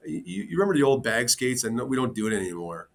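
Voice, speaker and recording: A man's voice: medium pitch, very animated, quick pace, creaky. A man speaking as a hockey coach guest on a podcast, talking earnestly and openly, with many fillers and restarts. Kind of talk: casual interview.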